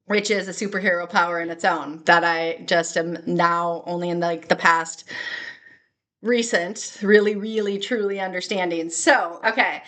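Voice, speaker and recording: A young adult woman talking in an excitable, rambling way in a personal vlog, laughing and tearing up at times. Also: lowish voice, normal speed. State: tearful at times. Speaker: spiritual vlogger.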